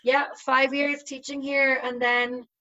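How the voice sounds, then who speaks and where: A woman's voice: high-pitched, level tone, slow, bright, forceful tone. Chatty young woman, slightly muffled sound. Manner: chatty, uses many fillers. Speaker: guest. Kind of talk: casual conversation.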